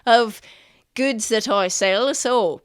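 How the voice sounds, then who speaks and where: A woman's voice: on the high side, slow pace, smooth, dry recording, studio quality. A woman voicing a chatty, nervous male merchant, rambling and hesitant with lots of uh and um. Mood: flustered.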